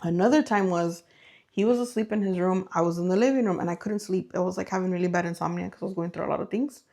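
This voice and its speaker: Lowish-voiced woman acting out a ghost story. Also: fast talker, creaky. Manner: animated, acts out voices and sounds in her stories. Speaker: podcast co-host. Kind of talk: casual storytelling chat.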